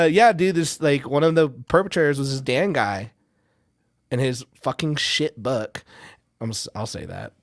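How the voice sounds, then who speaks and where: Man, podcast host, casual chat, rambling, profane, mid pitch, dry recording. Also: no echo. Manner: rambling, profane, repeats words.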